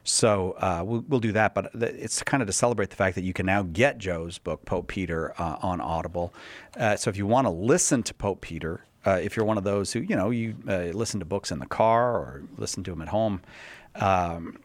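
A man's voice: deep voice, a little fast, no room sound. A man hosting a live call-in radio show, joking around and rambling with lots of fillers. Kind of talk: casual live radio talk.

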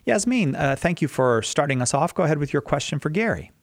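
A man's voice: on the high side, very animated, a little fast, dry recording. Conversational male radio host, dry sound. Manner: conversational, repeats words when starting. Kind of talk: radio talk show.

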